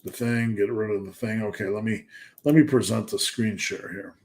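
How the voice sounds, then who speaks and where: A man's voice: fairly low pitch, steady tone, moderate pace, a little mellow. A man hosting a live fitness Q&A stream, chatting casually and asking himself rhetorical questions.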